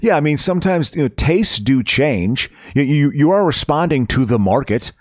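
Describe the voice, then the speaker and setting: Lively, rambling man chatting. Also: on the high side, normal speed, dry recording, studio quality. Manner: rambling, laughs often, many restarts. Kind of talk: casual chat.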